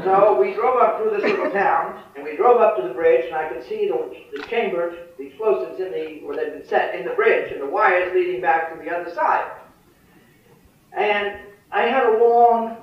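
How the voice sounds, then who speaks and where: A man's voice: sits high, expressive, fairly quick, noisy background. An older man giving a speech at a foreign affairs forum, telling wartime stories with wry, dry humor. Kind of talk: after-dinner speech with war anecdotes. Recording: distant, dull, echoey hall recording.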